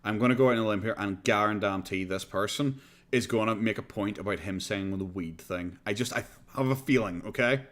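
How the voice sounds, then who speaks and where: A man with an Irish accent commenting casually on a reaction stream, sarcastic and animated, swearing freely. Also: on the low side, a little fast.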